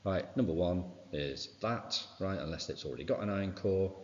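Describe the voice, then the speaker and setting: Male science teacher, very low voice, muffled reverberant recording, casual revision walkthrough. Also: moderate pace. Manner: informal, fills with "right" and "okay". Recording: dull sound with long reverb.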